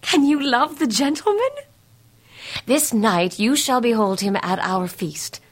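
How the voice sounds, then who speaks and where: A woman playing a stately, measured noble mother. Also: fairly high pitch, lively intonation. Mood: formal. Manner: measured and formal. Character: stately noble mother urging her daughter to marry. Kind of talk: Shakespeare stage reading.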